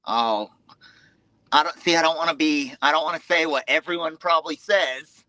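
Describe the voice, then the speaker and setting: A man speaks as a podcast guest in a bright, forward voice, recorded close and dry. He talks openly and without fuss. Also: fairly high pitch, moderate pace, no echo. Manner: easygoing, candid. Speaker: podcast guest, motocross rider. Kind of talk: casual interview chat.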